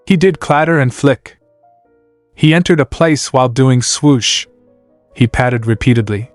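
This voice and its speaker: A man's voice: medium pitch, no echo. A man narrating a comic story and reading every character's lines himself, sound words included, in a dry close recording with faint music behind.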